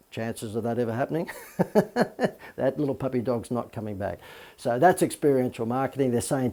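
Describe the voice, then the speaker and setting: A man's voice: medium pitch, a little fast, mellow. A middle-aged man who is a marketing coach, giving a casual spoken lesson on marketing with lots of fillers and the odd "okay?" tag. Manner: chatty, many fillers, asks "okay?". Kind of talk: casual video talk on marketing.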